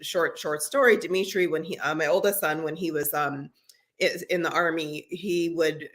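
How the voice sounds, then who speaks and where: A woman's voice: sits low, steady tone, moderate pace, fairly bright tone. A middle-aged woman co-hosting a podcast, talking earnestly in casual conversation with frequent restarts. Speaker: podcast co-host.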